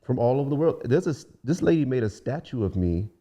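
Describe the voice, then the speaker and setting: Speaking quickly in a mid-range voice, a young man from Washington DC, there as a guest singer, relaxes into storytelling on a casual podcast. He brings the people he quotes to life by acting out their voices.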